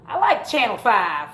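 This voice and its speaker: A woman's voice: fairly high pitch, a bit bright. A young adult woman chatting casually on her livestream, giggling, mocking herself and swearing freely. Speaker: beauty YouTuber hosting a livestream. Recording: roomy echo.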